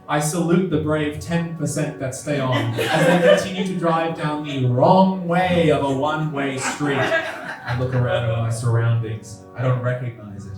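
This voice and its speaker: A young man performing a stand-up story, switching between deadpan narration and exasperated, disbelieving outbursts. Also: fairly high pitch. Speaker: stand-up comedian. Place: comedy venue stage. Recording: echoey venue heard from a distance with music.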